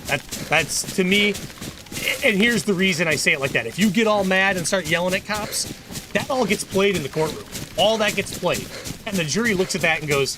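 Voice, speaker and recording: A man talks casually on a livestream in a fairly high voice. He is earnest and opinionated, and he circles back and restarts his sentences. Steady game noise sits clearly under his speech. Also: normal speed. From United States. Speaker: gaming livestreamer and lawyer.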